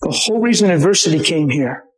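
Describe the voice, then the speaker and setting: Impassioned high-voiced preacher. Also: male voice, expressive, roomy sound, poor audio. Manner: impassioned, emphatic, shifting from shouts to slow hushed stress. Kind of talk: sermon.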